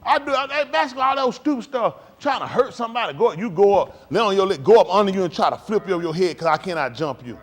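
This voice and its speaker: High, animated man talking to a congregation. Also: fast, few pauses. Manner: animated, joking and acting out plays; blunt, ranting. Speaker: speaker addressing a congregation. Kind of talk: casual, animated talk to a congregation.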